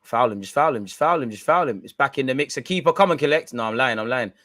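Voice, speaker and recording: A young man giving excitable, banter-filled live reaction commentary on a football match. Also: medium pitch, fast talker, dry recording. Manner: excitable, banter-heavy, swears. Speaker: football watch-along streamer.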